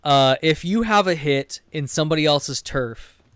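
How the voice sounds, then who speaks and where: Rambling, profane man with a smooth voice. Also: a little high, moderate pace, a bit bright, no echo, clean studio sound. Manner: rambling, profane, self-interrupting. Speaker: streamer and game master. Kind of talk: casual storytelling while gaming.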